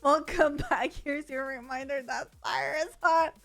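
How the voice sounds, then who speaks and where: A woman with a high voice streams a roleplay game and keeps laughing hard through tears. She drawls her words slowly between bursts of laughter. Faint music plays behind her. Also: fairly even intonation, gravelly, fairly bright tone.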